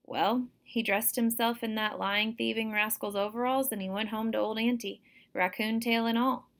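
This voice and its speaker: A woman reading aloud, voicing an old country man who tells spooky tales in a slow, drawling way. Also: on the high side, fairly even intonation, close to an everyday voice. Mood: ominous.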